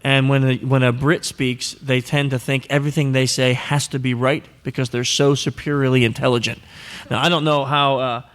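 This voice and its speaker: A man's voice: medium pitch, level tone, moderate pace, fairly bright tone. A man hosting a live podcast panel, answering audience questions in a joking, teasing way and acting out quoted voices. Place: live event before an audience.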